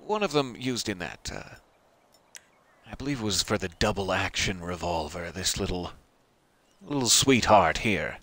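Guy with a lowish voice doing laid-back game commentary, wanders off on tangents, jokes at himself. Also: animated, moderate pace, fairly bright tone. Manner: rambling, self-deprecating asides. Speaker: gameplay commentator. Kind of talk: casual let's-play commentary.

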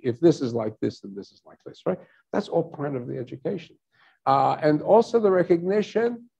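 Rabbi guy lecturing, keeps going "right?", gravelly mellow voice, kinda muffled lo-fi recording. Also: mid-range voice. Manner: lecturing, frequent "right?" checks with listeners. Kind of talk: teaching talk at a synagogue service.

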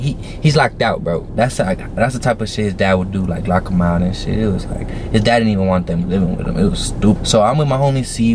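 A man's voice: lowish voice, a little mellow, a little hiss or hum. A young man casually telling a story to camera, slangy and profane, with plenty of fillers. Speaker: vlogger.

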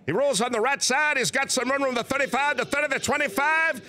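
Man doing a booming folksy football announcer. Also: fast, slight background noise, full character voice. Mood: excited play-by-play. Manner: high, excited play-by-play drawl. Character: famous old-school college football announcer impression, folksy and booming.

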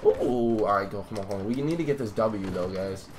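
A man's voice: on the low side, animated, brisk, background noise. A young man giving live commentary over his own gameplay, talking to viewers, swearing, and getting hyped at his teammates. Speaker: gaming YouTuber.

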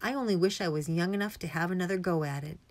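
A woman's voice: fairly low pitch, fast talker, lightly acted. A woman reading aloud, voicing a mischievous, talkative little old male country doctor. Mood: chatty. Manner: chatty, mischievous storytelling. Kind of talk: audiobook character reading.

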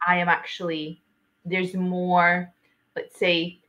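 A woman's voice: fairly low pitch, completely flat delivery, takes it slowly, sharp tone. A woman hosting a live trading stream, talking animatedly and explaining her trading with fillers. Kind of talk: casual trading chat. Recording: dull lo-fi stream audio.

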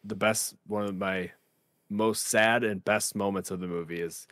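A man's voice: fairly low pitch, steady tone, normal speed, a bit bright, no echo, studio quality. A man on a film podcast, chatting casually and enthusiastically, swearing and trailing off as he tries to remember things. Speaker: podcast panelist.

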